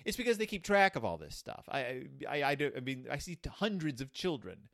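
A man's voice: medium pitch, very animated, fairly quick, a bit bright, dry recording, studio quality. A man hosting a show, giving comedic commentary on a children's book, rambling with many restarts. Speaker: podcast host reviewing a children's book.

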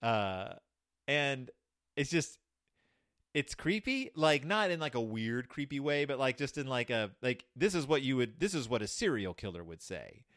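A man's voice: medium pitch, very animated, moderate pace, a bit bright, no room sound, studio quality. A man hosting a show, giving comedic commentary on a children's book, rambling with many restarts. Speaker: podcast host reviewing a children's book.

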